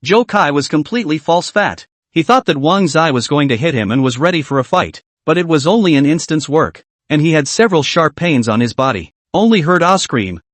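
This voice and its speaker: Male recap narrator, dramatic and clipped, bit high, pitch swinging, dry close mic. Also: sing-song, brisk, few pauses, no echo. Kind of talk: scripted story recap narration.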